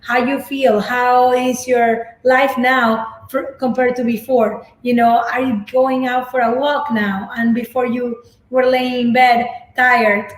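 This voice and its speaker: A woman's voice: a little high, level tone, slow, reverberant, rough recording. A woman co-hosting a casual video at home, speaking earnestly and gratefully to viewers. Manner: earnest, grateful, repeats herself. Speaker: co-host.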